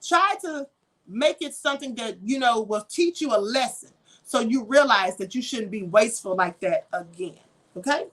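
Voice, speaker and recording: A woman's voice: fairly high pitch, expressive, normal speed. A woman raised in Kentucky, hosting a spiritual livestream and lecturing conversationally, asking rhetorical questions and reading out viewer comments. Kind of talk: live-stream teaching, reading chat comments.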